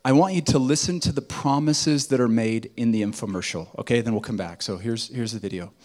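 A man's voice: mid-range voice, brisk, a little mellow. A male pastor preaching conversationally at a retreat, joking with the audience. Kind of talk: sermon at a retreat. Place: retreat meeting hall.

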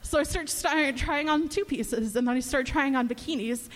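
A woman with a high voice tells a funny personal story, lively and building each beat toward the payoff. A long hall reverb trails after her words. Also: normal speed. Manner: lively, humorous, building to a punchline.

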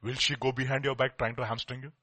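A man preaching a sermon, swinging between quiet asides and loud emphatic lines, acting out the people in his stories. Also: medium pitch, fast talker, no echo. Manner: animated preaching, acts out quoted dialogue, swings from quiet to loud. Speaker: pastor.

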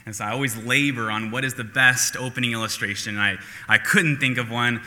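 Bright-voiced preacher in a reverberant hall. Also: male voice, medium pitch, steady tone, fairly quick. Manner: self-deprecating, conversational with many fillers. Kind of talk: sermon. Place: church sanctuary.

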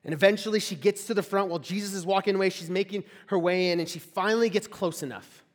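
Young man, casual sermon, chatty storyteller, filler-heavy, slightly high voice, echoey hall. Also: fast talker. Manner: chatty, full of "like" fillers and audience questions. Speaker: campus ministry speaker. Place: large hall before a live audience.

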